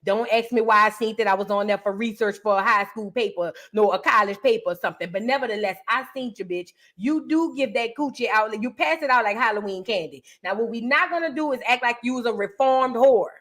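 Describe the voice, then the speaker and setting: A young woman with a fairly high voice rips through celebrity gossip, brash and profane. Her delivery is sassy and mocking, full of loud asides to her viewers. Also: fairly quick, few pauses. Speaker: reaction video host.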